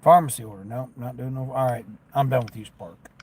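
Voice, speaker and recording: A man's voice: mid-range voice, brisk, a little mellow, husky. A man streaming live while doing delivery driving, chatting in a rambling, folksy way and turning down orders aloud. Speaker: delivery driver livestreamer.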